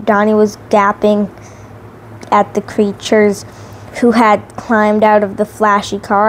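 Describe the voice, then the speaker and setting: A woman's voice: medium pitch, completely flat delivery, slow, a little hiss or hum. A woman reading a children's novelization aloud carefully, sometimes restarting words. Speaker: reader.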